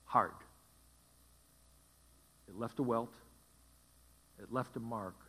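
A male pastor preaching a sermon, repeating key phrases with emphatic, dramatic pauses. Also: mid-range voice, pushed and bright, slightly rough, long reverb tail.

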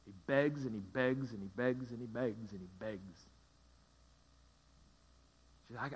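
A male pastor preaches with slow, deliberate emphasis, repeating short phrases and letting them hang. His voice sits in an ordinary male pitch and carries a long reverb from the church sanctuary. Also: breathy edge. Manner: emphatic, repetitive, dramatic pauses. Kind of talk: sermon.

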